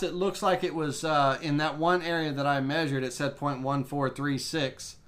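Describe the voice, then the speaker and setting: A man teaching a live CNC software tutorial, thinking aloud with restarts as he works through settings. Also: on the high side. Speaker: woodworking CNC instructor.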